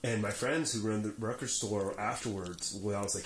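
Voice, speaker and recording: A man's voice: fairly low pitch, fairly even intonation, brisk. A middle-aged man chatting casually on a podcast, telling a rambling story full of fillers. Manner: rambling anecdotes with many fillers. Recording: roomy mic sound, faint room noise.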